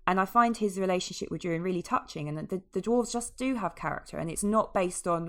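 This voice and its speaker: A woman's voice: mid-range voice, fast, hardly any pauses, a bit bright. A woman co-hosting a podcast, chatting in an enthusiastic, rambling way and often trailing off mid-sentence. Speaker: podcast co-host. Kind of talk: casual review chat.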